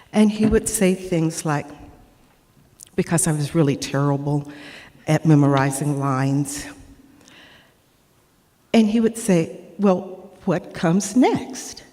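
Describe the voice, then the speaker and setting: A woman's voice: sits low, warm tone, long reverb tail. A woman giving an earnest, heartfelt personal tribute at a memorial, speaking as a former actor and student. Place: performing arts center stage.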